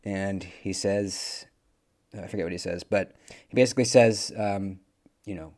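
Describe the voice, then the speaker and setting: A man's voice: deep voice, fairly even intonation, measured pace, darkish tone. A man reviewing a movie, casually retelling the plot in a rambling way with lots of fillers and self-corrections.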